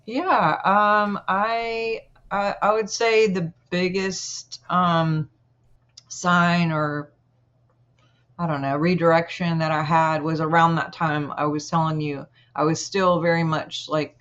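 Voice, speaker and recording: A woman guest telling a personal story in an interview, earnest and halting, with many pauses. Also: lowish voice, flat delivery, a bit bright, lo-fi sound.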